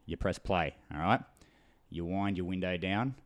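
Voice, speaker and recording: A man talking as a guest on a podcast, an animated storyteller who swears freely. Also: deep voice, moderate pace. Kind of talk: casual podcast conversation.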